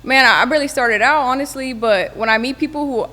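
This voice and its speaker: Young woman guest, slangy storyteller, rapid delivery, echoing room. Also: high-pitched, bright, forceful tone. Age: young adult. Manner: fast, slangy storytelling with swearing. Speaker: musician guest. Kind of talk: casual podcast chat.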